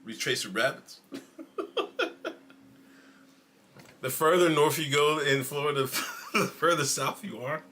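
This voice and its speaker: A man's voice: a little high, normal speed, few pauses, bright, forceful tone, slight background noise. A man hosting a casual livestream, rambling through stories with frequent laughs and swearing, sometimes dropping to a near whisper. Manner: loose rambling storytelling, frequent laughs and profanity. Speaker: streamer host.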